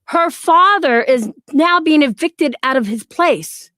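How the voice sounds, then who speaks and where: High-pitched woman co-streamer, passionate and apologetic, dry close mic. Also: animated, fairly bright tone, dry recording. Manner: passionate, apologetic, quick to flare. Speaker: livestream co-host. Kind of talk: emotional casual livestream chat.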